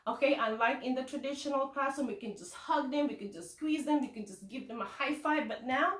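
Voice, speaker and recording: A woman teacher from the Philippines with a Filipino accent, giving animated tips to fellow teachers, asking and answering her own questions. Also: high-pitched, a little fast, roomy sound, distant mic. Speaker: kindergarten teacher.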